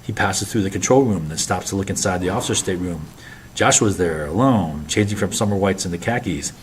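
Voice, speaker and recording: Low-pitched guy narrating a novel, steady, faint hiss behind. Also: fairly quick. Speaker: audiobook narrator. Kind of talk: scripted narration.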